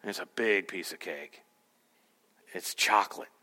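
Bright-voiced pastor preaching in a reverberant hall. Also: male voice, low voice, unhurried. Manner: conversational, self-deprecating humor. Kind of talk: sermon.

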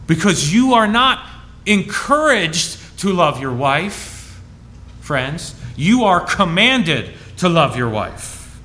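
A man preaching as pastor, reading scripture with emphasis and dropping to soft, low asides in a conversational way. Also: sing-song, slow. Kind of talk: sermon.

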